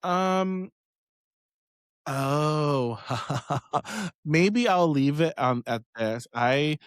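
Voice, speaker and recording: A man's voice: a little high, expressive, drawn-out words, clear, resonant tone, no room sound. A man hosting a casual question-and-answer chat, rambling and swearing freely as he goes. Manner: rambling, swears freely, many fillers and asides. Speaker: host answering community questions on witchcraft.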